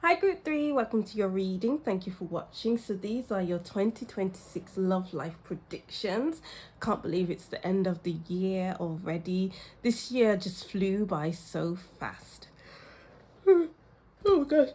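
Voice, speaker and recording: Giggly woman giving an excited tarot reading. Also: mid-range voice, breathy edge. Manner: giggly, exclamatory, frequent bursts of laughter. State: a little ill and tired. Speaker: tarot reader. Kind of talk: intuitive tarot reading to camera.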